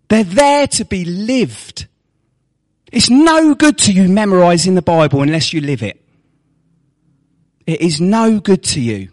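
Animated preacher man. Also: high voice, a little slow, pauses often. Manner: animated, mocking asides, rhetorical questions. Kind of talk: sermon.

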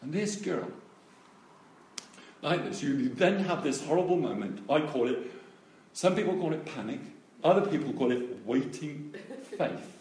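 A man preaching, telling a testimony story with animated delivery and acted-out voices. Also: on the high side, unhurried, long pauses. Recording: echoey room, voice from a distance.

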